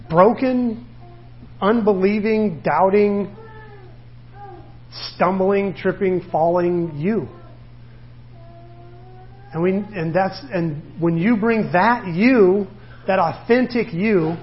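A middle-aged male pastor gives a sermon in a loose, conversational way, acting out the voices of the people he talks about. His voice sits high for a man. The recording sounds dull and a little lo-fi.

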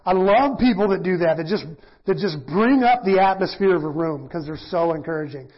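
A middle-aged pastor teaching in a casual, self-deprecating sermon, often acting out quoted voices. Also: male voice, high voice, fairly quick, breathy edge. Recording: dull lo-fi church audio.

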